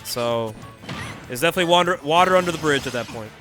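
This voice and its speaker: A young man from the Bay Area, commentating a gaming tournament and telling a story in a casual, slangy, animated way. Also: fairly high pitch, fast talker. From California Bay Area. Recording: faint music behind.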